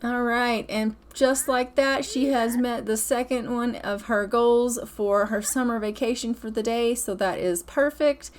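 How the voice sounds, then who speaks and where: On the high side and fairly even in intonation, a woman host talks through her life-sim let's-play a little slowly with hardly any pauses. She's chatty, casual, and playful, laughing now and then.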